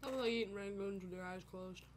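A woman's voice: mid-range voice, quick pace, slight background noise. A woman joking crudely and teasingly as a podcast guest. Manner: crude, teasing, deadpan jokes. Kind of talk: casual podcast banter.

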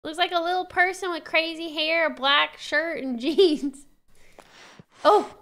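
Texan woman streamer, bright and high, giggly, stumbles reading aloud. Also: steady tone, a little slow. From Texas. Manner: giggly, reads on-screen text aloud with stumbles. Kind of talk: casual game-stream commentary.

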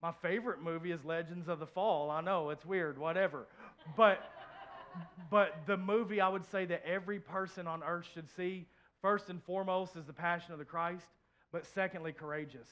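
A pastor preaching a heartfelt sermon in church, sharing a personal story, repeating phrases and swinging from soft to loud. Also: male voice, high voice, fairly even intonation, moderate pace, dull audio. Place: church, before a congregation.

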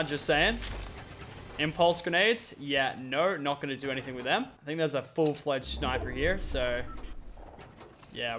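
A young man giving excitable, playful commentary over a mobile battle royale match. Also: a little high, a little hiss or hum. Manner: excitable, quick reactions, playful trash talk. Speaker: gaming YouTuber. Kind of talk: gameplay commentary.

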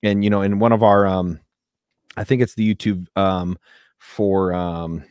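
A man co-hosting a podcast, chatting casually, often pausing on ums and restarting his sentences. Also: low voice, steady tone, a little mellow, clear, resonant tone, no room sound, clean studio sound. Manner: searching for words, many ums and restarts. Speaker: podcast co-host.

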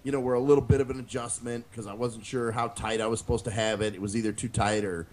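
A man's voice: medium pitch, fast. A man co-hosting a podcast in casual, profane chat, telling stories and acting out what people said. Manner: animated storyteller, acts out quotes, curses freely. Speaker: podcast co-host.

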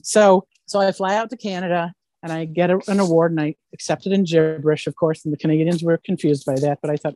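A woman actress tells stories as an interview guest in a lively, rambling way and keeps checking in with "right?". Her voice sits a little low. The sound is dry and close, with no room echo. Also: quick pace, hardly any pauses. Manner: animated storyteller, keeps asking "right?". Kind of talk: casual anecdotal interview.

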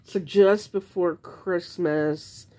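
A woman's voice: on the low side, steady tone, extremely slow, mellow. A woman vlogging to camera, frankly telling her own story in a casual, exasperated way, rambling with restarts.

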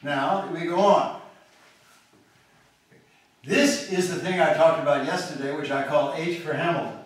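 Lecturing in a large, echoey university room, a math professor with a slightly high, unhurried voice reasons out loud, frequently restarting and asking the class "okay?". The distant room microphone leaves his voice far off, very echoey, with faint noise.

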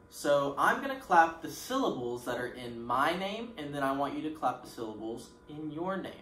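A man talks to preschoolers in a slow, sing-song teacher voice, his pitch rising and falling widely as he encourages them. He pauses often to let the children answer. The recording has a roomy echo and faint noise underneath. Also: a bit bright. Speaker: pre-K teacher. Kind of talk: recorded remote lesson for young children.

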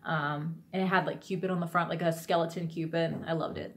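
In a casual chat vlog, a woman with a deep voice rambles enthusiastically, full of fillers, restarts and self-corrections. Her intonation is fairly even, she talks a little fast, and there's noise in the background.

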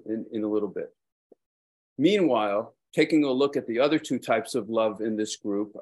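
A man with a Brooklyn accent giving a dharma talk as a Buddhist teacher, rambling and self-deprecating, with frequent hesitations. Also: mid-range voice.

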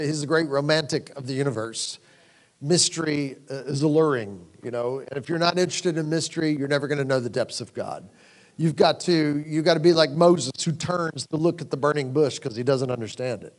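Animated man preaching a story. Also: on the high side. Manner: drops to hushed tones for quoted moments. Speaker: conference speaker. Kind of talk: sermon. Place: conference hall.

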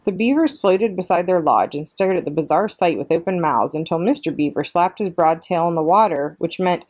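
Librarian woman, storytime reading for young kids, lower register, clear and steady. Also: normal speed, few pauses, no room sound. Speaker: children's librarian. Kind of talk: reading a chapter book aloud.

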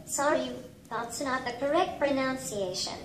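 Robot tutor, female synthetic voice, slow and high-pitched, polite fixed phrases, echoey room. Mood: patient. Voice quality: flat, evenly paced robotic speech. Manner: repeats the same set phrases. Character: small humanoid robot language tutor, polite and patient. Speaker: language tutor. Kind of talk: synthesized speech. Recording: echoey room with faint noise.

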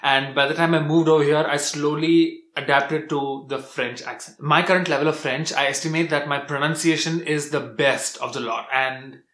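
A young man from India, giving a relaxed, chatty vlog tutorial full of restarts. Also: fairly high pitch, moderate pace, hardly any pauses, roomy sound. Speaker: language vlogger.

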